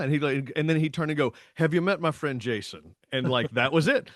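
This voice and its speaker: A man, co-hosting a podcast and telling stories in a lively, casual way, acting out the voices in his stories. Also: medium pitch, quick pace, hardly any pauses, dry recording, studio quality. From Tennessee, US. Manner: animated storytelling with voiced quotes. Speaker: podcast co-host. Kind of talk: casual chat.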